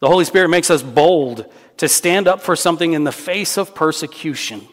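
A man's voice: a little high, brisk. A man preaching a sermon as pastor, earnest and emphatic, repeating key phrases for weight. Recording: long hall reverb.

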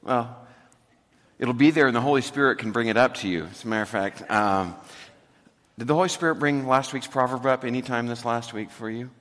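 A man preaching a sermon to his congregation, talking in a relaxed way with humor and dropping to a soft voice for emphasis. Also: mid-range voice, a little fast. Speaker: pastor. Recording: reverberant hall recording.

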